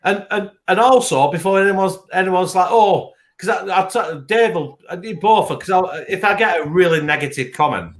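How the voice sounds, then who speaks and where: A man's voice: high voice, moderate pace, hardly any pauses. A man with a northern English accent, telling stories in a casual live-stream chat and swearing freely. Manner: animated storyteller, swears freely. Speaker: guest beer reviewer.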